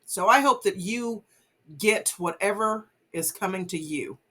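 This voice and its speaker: Woman vlogger, mid-pitched, earnest casual commentary with lots of fillers. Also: expressive, unhurried, sharp tone. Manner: earnest, many fillers, urges listeners not to judge. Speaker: vlogger host. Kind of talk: casual commentary on a news case.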